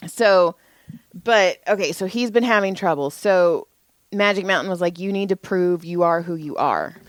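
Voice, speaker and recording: A woman in her forties telling a profane, animated story on a casual podcast, speaking as a parent. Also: on the low side, moderate pace, dry recording. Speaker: podcast co-host.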